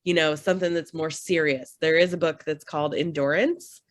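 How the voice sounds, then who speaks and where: A woman's voice: low voice, fairly even intonation, moderate pace, no echo. Woman, podcast guest, friendly, storytelling, dry sound, casual chat. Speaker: podcast guest, association director.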